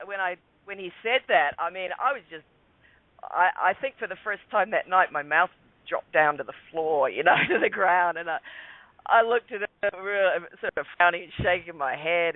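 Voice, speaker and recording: A man's voice: sits high, normal speed, no echo. A man recounting a story as a radio guest over Skype, hesitant with many restarts. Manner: hesitant, restarts often, says mate. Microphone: Skype call. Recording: tinny Skype line, dry.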